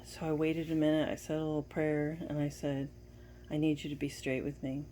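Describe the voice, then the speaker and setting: A woman's voice: low-pitched, monotone, fairly quick, warm tone, a little hiss or hum. A woman giving a casual personal update to viewers, telling a story and retelling dialogue with bits of laughter. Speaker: wife giving a family update.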